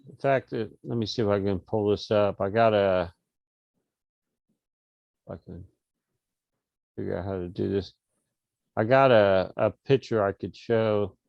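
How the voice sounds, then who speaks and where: A man's voice: lowish voice, a little slow, vocal fry, pauses often, no echo, lo-fi sound. A middle-aged man, an interview guest, telling a casual story over a video call with lots of restarts and fillers. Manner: rambling, many restarts and fillers.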